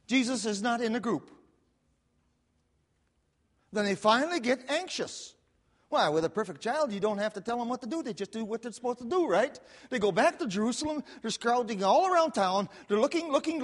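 Animated high-voiced male preacher in a hall. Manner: animated storytelling preacher with repetition and asides. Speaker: pastor. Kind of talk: sermon. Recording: long hall reverb.

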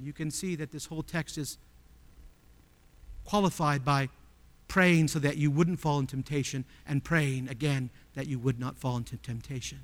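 A male pastor preaching a sermon, asking the congregation rhetorical questions and swinging from hushed tones to loud cries. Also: a little high, fairly even intonation, normal speed, in a large hall.

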